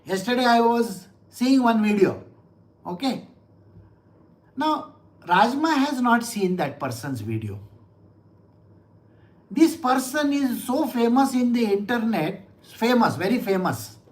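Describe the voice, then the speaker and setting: A man, a spiritual teacher giving an animated scripture lecture full of rhetorical questions. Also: very high voice, takes it slowly, pauses often, poor audio.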